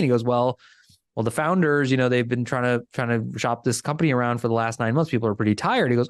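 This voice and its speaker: A man talking as a guest on a business podcast, telling a story in a casual, animated way and acting out the people he quotes. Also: medium pitch, fast talker, clean tone, no echo, clean studio sound.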